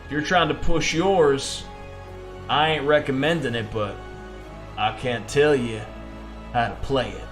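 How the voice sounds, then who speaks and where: A man's voice: medium pitch, a little slow, pauses often, a bit bright, faint music behind, lightly acted. Man doing a drawling alien gang boss. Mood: menacing. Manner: drawling, threatening swagger. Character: menacing alien trident-wielding male gang leader.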